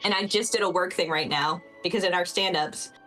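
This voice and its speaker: A woman's voice: fairly low pitch, brisk, a bit bright, faint music behind, low-quality recording. Chatty woman recapping a game. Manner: chatty, laughing, many fillers. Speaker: player giving a recap. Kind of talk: casual recap of a tabletop game.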